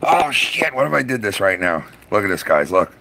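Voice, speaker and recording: A man's voice: fairly low pitch, sing-song, normal speed, vocal fry, pushed and bright, slight background noise. A middle-aged man chatting on a live stream, swearing freely and rambling through stories from his youth. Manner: profane, rambling storyteller. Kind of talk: casual live-stream chat.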